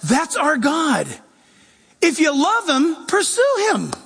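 Animated male preacher, loud bits then quiet asides, high voice. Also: slow, vocal fry, in a large hall. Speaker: pastor. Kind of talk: sermon.

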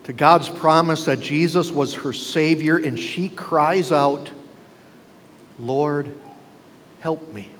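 A man's voice: a little high, steady tone, a little slow, hardly any pauses, a bit bright, slight background noise. A male pastor preaching a sermon, driving his points home with rhetorical questions to the congregation. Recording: long reverb with faint ambience.

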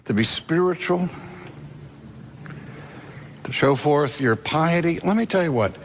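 A man's voice: on the high side, a little hiss or hum. A man preaching a sermon and retelling a scripture story with drama, talking straight to the congregation. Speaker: pastor and seminary teacher.

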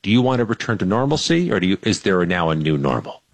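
Deep-voiced male pundit, assured analysis, dry close mic. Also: big pitch swings, fast, no room sound. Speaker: weekly guest commentator. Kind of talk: political commentary.

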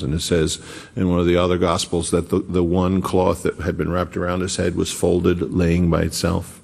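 Brief: low, gravelly male pastor, unhurried and chatty, with long hall reverb. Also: level tone, darkish tone. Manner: conversational, digressive, slow and deliberate. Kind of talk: sermon.

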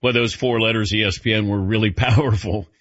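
A man's voice: on the low side, steady tone, brisk, a bit bright, dry recording. A middle-aged man hosting a sports radio show, chatting casually with a wry, self-deprecating manner. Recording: dull lo-fi broadcast audio.

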